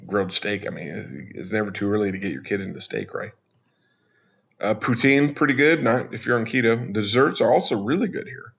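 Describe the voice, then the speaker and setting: A man's voice: fairly low pitch, a little fast, vocal fry, fairly bright tone, husky. A man talking casually over a walkthrough as a travel vlogger, chatty, with joking asides.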